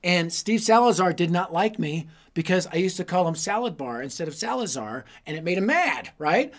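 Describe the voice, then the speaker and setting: Man, higher voice, youth preacher, funny self-deprecating storyteller, punchy timing. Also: lively intonation, normal speed. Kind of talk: humorous storytelling sermon.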